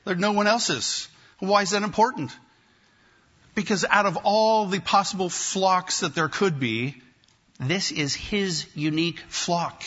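Male pastor preaching, kinda husky, a bit high-pitched, repeats himself for punch, muffled church recording. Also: sharp tone. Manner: emphatic, repeats phrases with slow deliberate pauses. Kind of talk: sermon. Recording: dull lo-fi sermon recording.

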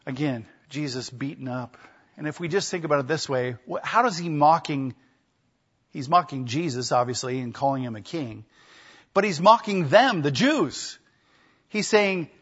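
A man's voice: fairly high pitch, lively intonation, normal speed, a bit bright, breathy edge, dull audio. A man preaching an expository sermon, emphatic, acting out the quoted speech of people in the story. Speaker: pastor.

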